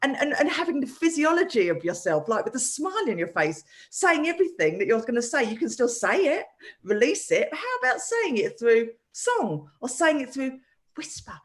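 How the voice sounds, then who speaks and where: A woman talks in a casual, animated way, her pitch sitting a little high and swinging widely. She laughs easily and leans on friendly fillers as she chats. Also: normal speed. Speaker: co-host. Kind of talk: casual chat.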